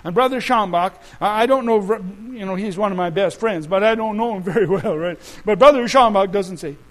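A man preaching a sermon to a congregation, telling stories dramatically, with loud shouted peaks and quiet asides. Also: a little fast, poor audio. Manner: dramatic storytelling, shouting and dropping to low asides.

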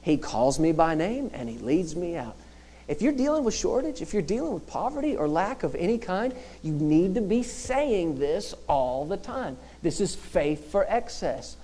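A man delivering a sermon in a church. His preaching is emphatic and rhythmic, with repeated phrases and call-and-response lines to the congregation, and it swells into loud, fervent peaks. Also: sits high.

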